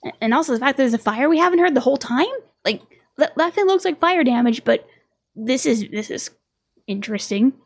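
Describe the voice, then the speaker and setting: A woman's voice: high-pitched, expressive, a little fast. A young woman streaming a game, chatting casually, laughing often and reading game dialogue aloud. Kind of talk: casual let's-play chat.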